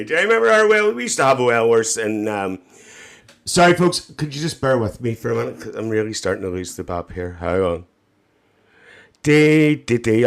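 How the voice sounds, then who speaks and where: A man's voice: mid-range voice, a bit bright. A man playing a cheeky Northern Irish auntie. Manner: chatty, calls everyone "dear", laughs often. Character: cheeky gossiping Northern Irish auntie, middle-aged woman. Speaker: livestream host. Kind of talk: live-stream chat reading viewer comments. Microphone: phone livestream.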